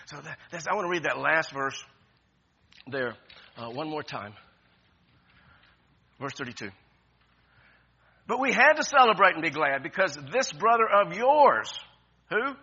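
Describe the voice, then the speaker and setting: A man's voice: on the high side, bright, forceful tone, breathy edge, muffled recording. A man preaching a sermon with passion, repeating phrases and restarting often. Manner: impassioned, repetitive preaching with many restarts. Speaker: pastor.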